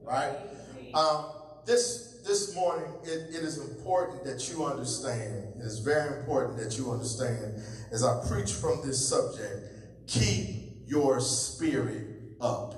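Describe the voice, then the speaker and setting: A man preaching a sermon as pastor, with call-and-response lines to the congregation, swinging between loud calls and low asides. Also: a little slow. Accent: American. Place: large church sanctuary. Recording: echoey hall from far off.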